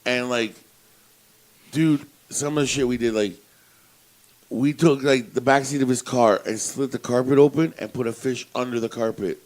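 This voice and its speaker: A man's voice: medium pitch, moderate pace, a little mellow, low-quality recording. A man co-hosting a podcast, telling a prank story in casual chat, swearing and laughing as he talks. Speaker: podcast co-host.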